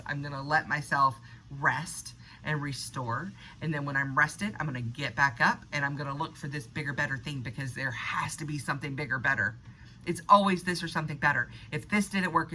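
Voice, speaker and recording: A woman's voice: low voice, fairly even intonation, brisk, sharp tone, slight background noise, poor audio. A woman in an unscripted motivational monologue, talking earnestly and conversationally, sometimes laughing at herself. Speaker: spiritual vlogger.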